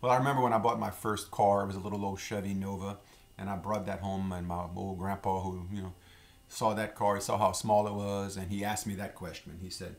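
A middle-aged man teaches a casual spoken lesson, saying each example phrase slowly and twice before translating it. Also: on the low side, level tone. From Louisiana. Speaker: language teacher.

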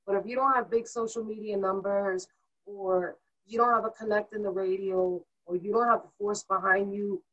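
Woman, singer, interview guest, casual storytelling, chatty, fillers, acts out quotes, mid pitch. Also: lo-fi sound. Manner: animated, acts out quoted people in lively voices; chatty, fast-flowing with fillers.

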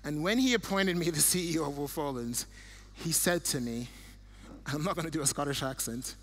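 A man's voice: fairly high pitch, a little fast. A middle-aged man from Nigeria giving an earnest church talk with slides, telling stories with frequent restarts. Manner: earnest, warm storytelling with restarts. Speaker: guest speaker.

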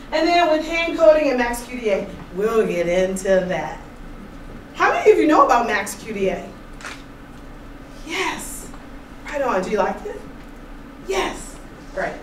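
A woman giving an informal seminar presentation to a room, chatty and animated, telling stories with laughs. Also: high-pitched. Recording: roomy echo, distant mic, faint noise.

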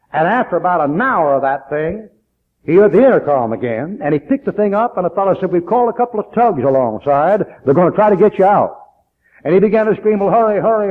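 A man preaching a sermon, emphatic, telling a story and dropping to low asides. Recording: tinny phone-like old recording.

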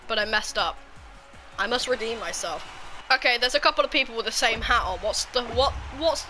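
Brit gamer girl, high voice, swears a lot and trash talks, music playing under her. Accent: British, slipping Scottish. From Britain. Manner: excitable, swearing, jokey trash talk. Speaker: gaming YouTuber. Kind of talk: casual gameplay commentary.

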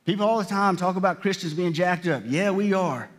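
A man's voice: high-pitched, brisk. A man pastor giving a conversational sermon, often restarting his sentences and acting out what God and people say. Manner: conversational preaching with many restarts and voiced quotes.

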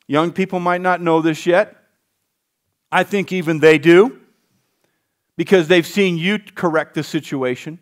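Male pastor, higher-pitched voice, folksy sermon delivery with call-outs to the congregation. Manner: folksy, asks the congregation for responses.

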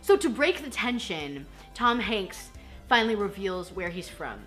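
A young woman chatting through a film recap, giggling and playing out the characters' lines herself. Her voice is bright and lively, swinging up and down in pitch. Faint music sits under it. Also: a little slow. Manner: chatty, giggly, self-deprecating, acts out quotes. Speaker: film reaction host. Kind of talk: casual movie recap chat.

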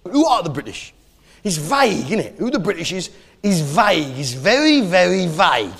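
A man's voice: high-pitched, big pitch swings, normal speed, creaky. A man performing a brash, swearing stand-up routine, teasing the audience. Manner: brash, mocking, swearing, crowd work. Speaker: stand-up comedian. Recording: live stage with loud audience.

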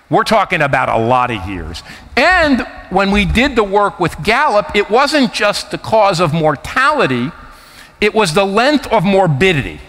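A man's voice: high-pitched, pushed and bright. A man in his fifties from the United States with a New Jersey accent, giving an emphatic, anecdotal keynote talk at a conference. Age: 50s. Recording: reverberant hall.

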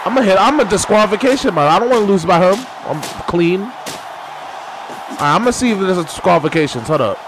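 A man commentating his own wrestling game playthrough with profane, excitable trash talk. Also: sits high, a little fast, noisy background. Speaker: gaming channel host. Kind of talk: let's play commentary. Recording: game music behind.

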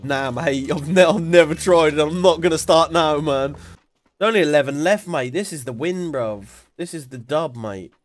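A young man, chatting and swearing excitably with friends while streaming a game on a headset mic. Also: a little high, moderate pace. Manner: swearing, laughing, excitable banter. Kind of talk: casual gaming chat with friends.

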